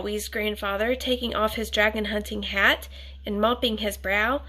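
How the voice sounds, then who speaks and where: Slow, bright woman reading a storybook. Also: medium pitch. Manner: gentle, asks listeners questions, whispered asides. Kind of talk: picture book read-aloud.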